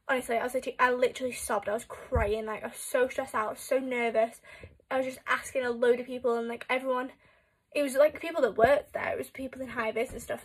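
Breathy teenage girl rambling story time. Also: a little high, fairly bright tone. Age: teens. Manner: rambling, filler-heavy storytelling with lots of "like". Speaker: vlogger. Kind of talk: casual chatty story time. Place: at home.

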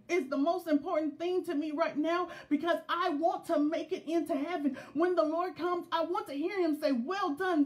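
A middle-aged woman preaching a sermon in a fervent, repetitive cadence that builds to shouts. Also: sits high. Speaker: preacher, pastor's wife.

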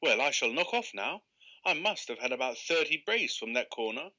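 A man voicing an excitable gentleman angler who exclaims and grows indignant. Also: mid-range voice, normal speed. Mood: exasperated.

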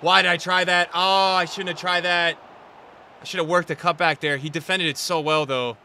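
A man streaming a football video game, with a high, very bright voice. He talks to his chat in slang and repeats himself, swinging from shouted complaints to quiet muttering. A faint noise hums under the recording. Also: level tone, moderate pace. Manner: swings between shouted outbursts and low muttering. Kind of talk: live gameplay commentary.

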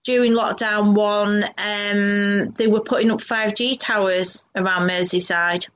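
Woman co-host, casual rambling talk, mid-pitched, dull lo-fi sound. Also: fairly even intonation, measured pace, fairly bright tone. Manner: chatty, rambling, many fillers. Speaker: radio co-host. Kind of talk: casual chat interview. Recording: dull lo-fi audio.

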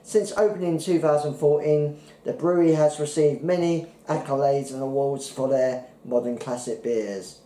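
A man co-hosting a casual beer tasting podcast, who reads the labels out haltingly and stumbles over the words. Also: fairly high pitch, warm tone, roomy sound, low-quality recording. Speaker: podcast co-host.

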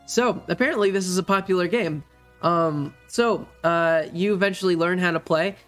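A male game master narrates a tabletop role-play session in a fairly high voice. His delivery is relaxed and halting, with soft music playing under him. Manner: relaxed, hesitant narration with many fillers.

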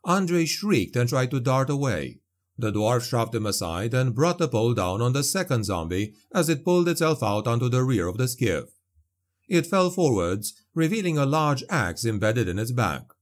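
A man reading a dark fantasy story aloud as an audiobook narrator, measured and vivid. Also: medium pitch, very animated.

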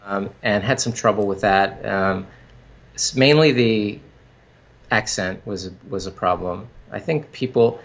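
Man, company founder, low voice, halting restarts, dull lo-fi recording. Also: a bit bright. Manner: halting, many restarts and fillers. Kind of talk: casual interview talk.

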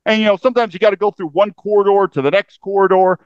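A military veteran man recounts his experience with urgent, emphatic delivery, often cutting himself off and starting again. His voice sits high for a man. The recording is dry and slightly dull, close with no room sound. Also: fairly even intonation, fast talker, smooth, no echo. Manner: intense, emphatic, self-interrupting. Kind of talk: first-person storytelling.

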